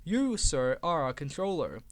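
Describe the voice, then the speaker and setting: A man's voice: fairly high pitch, sing-song, unhurried. Man voicing a polite, proud little steam engine. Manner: formal, polite, deferential. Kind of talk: storybook reading.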